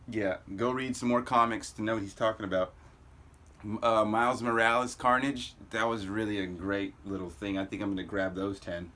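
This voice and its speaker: A man reading comics aloud, dropping low, offhand asides between panels. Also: flat delivery, normal speed, pushed and bright. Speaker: comic book reader. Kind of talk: casual comic read-aloud commentary.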